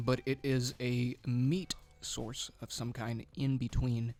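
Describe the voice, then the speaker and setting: A man's voice: medium pitch, fairly even intonation, slow, darkish tone. A young man chatting casually while eating very hot wings, his voice strained and a little breathless. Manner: strained, breathless from spicy food. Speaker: youth group co-host. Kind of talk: casual hot wing challenge chat.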